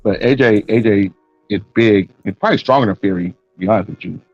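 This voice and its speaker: A man with a low, husky voice thinking aloud about fights, hesitant and rambling. His mic sounds dull and dry, and faint music plays behind him. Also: fast, no room sound. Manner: hesitant, rambling, many restarts. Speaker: boxing podcast co-host. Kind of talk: casual fight-talk chat.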